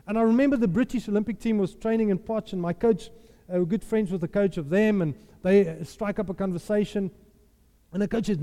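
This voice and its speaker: A man preaching a sermon, telling a lively personal story and acting out the voices in it. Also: high-pitched, a little fast. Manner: animated storyteller, laughs often, acts out quotes. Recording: echoey hall reverb.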